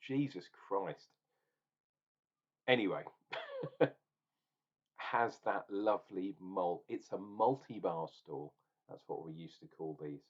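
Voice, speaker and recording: Bloke doing a beer review vlog, lowish voice that jumps around a lot, kinda muffled lo-fi sound, opinionated rant. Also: male voice, darkish tone. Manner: ranting, opinionated, swears.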